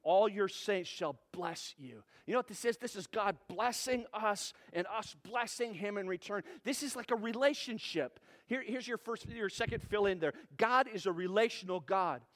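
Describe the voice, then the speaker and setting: High-voiced animated male pastor preaching. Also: moderate pace, hardly any pauses. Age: adult parent. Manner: animated, conversational preaching with rhetorical questions. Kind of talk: sermon.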